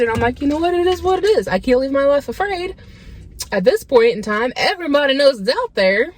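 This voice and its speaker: A young woman vlogging from a parked car into a phone, ranting in an exasperated, animated way. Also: a little high, no room sound. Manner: animated, exasperated ranting, mocking quoted voices. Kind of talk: casual ranting vlog.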